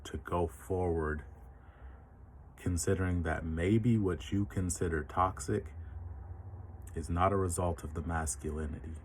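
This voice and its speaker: A man with a very deep, low voice talks through an idea in a calm, measured monologue. He keeps putting questions to the listener and answering them himself, with a faint hiss underneath. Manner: measured, poses rhetorical questions. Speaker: commentator. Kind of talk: reflective monologue to camera.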